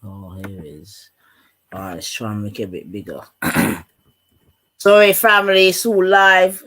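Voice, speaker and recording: A man hosting a live stream, chatting loosely and reading articles aloud with quick asides, his throat a little sore. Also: high-pitched, flat delivery, sharp tone. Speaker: livestream host. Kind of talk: casual live-stream chat.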